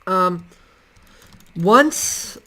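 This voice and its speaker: A man's voice: high voice, animated, very slow, sharp tone. A male channel host telling casual stories to the camera in a rambling, hesitant way, full of ums and restarts.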